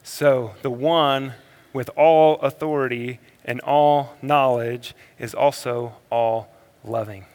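A man preaching a sermon as a pastor, moving between energetic emphasis and quiet, slow reflective passages. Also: mid-range voice. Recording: long hall reverb.

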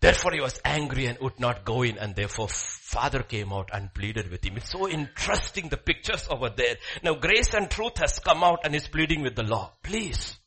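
A man preaching a sermon in a church, swinging between soft asides and loud, animated emphasis. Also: medium pitch, brisk, hardly any pauses, breathy edge. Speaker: pastor.

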